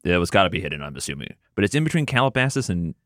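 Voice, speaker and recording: Wry low-voiced male co-host. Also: very animated, racing, fairly bright tone, no echo, clean studio sound. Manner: wry, jokey interjections. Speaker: podcast co-host. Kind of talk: casual podcast chat.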